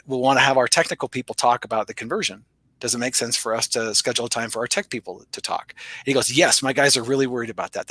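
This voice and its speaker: A fast-talking middle-aged man with a bright, forceful voice and a dry, close sound. He is a guest on an interview and tells sales stories with energy, jumping up in pitch as he acts out the dialogue. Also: no room sound. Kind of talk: storytelling interview talk.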